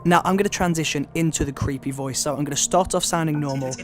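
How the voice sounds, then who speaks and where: A man's voice: a little high, fast talker. A man hosting a casual video-editing tutorial, upbeat and explaining step by step. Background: background music.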